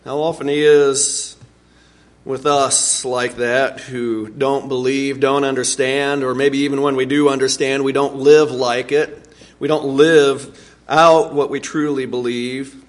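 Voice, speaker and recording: A man preaching a sermon, earnest and animated, with sudden swings in pitch and volume. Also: slow. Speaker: pastor.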